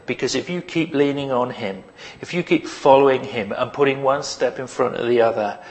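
A man preaching a sermon in a mid-range voice. He is conversational and humorous, pressing his key points with emphasis. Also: mid-range voice.

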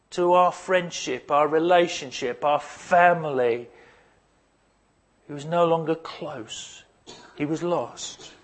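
A man preaching a sermon, putting emphatic rhetorical questions to his congregation. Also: fairly high pitch. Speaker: pastor.

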